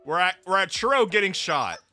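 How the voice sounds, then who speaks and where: A man streaming live, reacting to a game, excitable and breathless from laughing hard, swearing often. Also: high voice, a little fast. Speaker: VTuber streamer. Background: faint background music.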